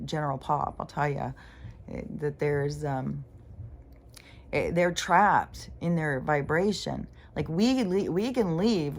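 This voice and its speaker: A woman talking in a rambling, casual monologue, full of fillers and restarts and quick to swear. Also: sits low. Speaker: spiritual vlogger.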